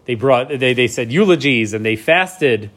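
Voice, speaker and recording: A man's voice: medium pitch, expressive, moderate pace, a bit bright. A man teaching a class, reading Hebrew verses and explaining them in English, often checking in with "right?". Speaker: Torah teacher. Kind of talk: class lecture.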